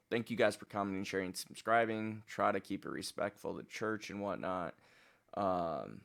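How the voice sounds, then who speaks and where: A man's voice: low voice, vocal fry, fairly bright tone. A man hosting a reaction video, talking in a subdued, reflective way that trails off. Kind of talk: casual reaction commentary.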